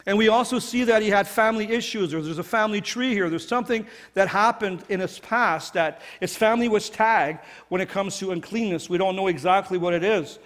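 Man, pastor, sermon, high-pitched, earnest conversational delivery, long reverb of a church hall. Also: fairly quick, few pauses, fairly bright tone. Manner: earnest, conversational preaching with many restarts. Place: church sanctuary.

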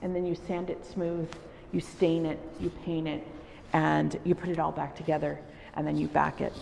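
A woman's voice: low-pitched, little pitch movement, normal speed, vocal fry, a little mellow, slight background noise. A middle-aged woman from El Salvador, a wood-carving artist, telling personal stories in a reflective interview. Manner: reflective, storytelling. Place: art exhibition hall. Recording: reverberant exhibition hall.

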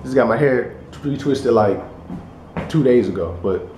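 A young man chatting casually to the camera in his bedroom, animated and slangy, laughing as he tells stories. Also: medium pitch, a little slow. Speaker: vlogger. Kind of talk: casual vlog chat. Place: bedroom indoors. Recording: echoey room with faint noise.

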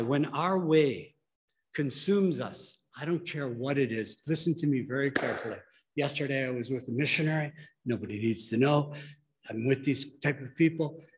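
A man preaching a church sermon as pastor, emphatic and pleading with his listeners. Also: medium pitch.

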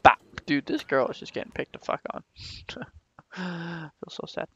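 Speaking a little slowly, this gamer has a high-leaning, husky voice that sounds pushed and bright, with the highs cut off on his desktop mic. He rambles goofily through casual gameplay commentary, tossing in plenty of jokes.

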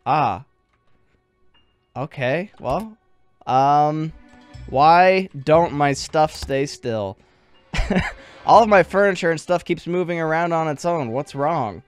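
A man's voice: fairly high pitch, expressive, slow, pauses often, clean tone, no room sound, soft background music. A man playing a game and reading its text aloud, with jokey asides. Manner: jokey, joking asides and laughter. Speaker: gaming video creator.

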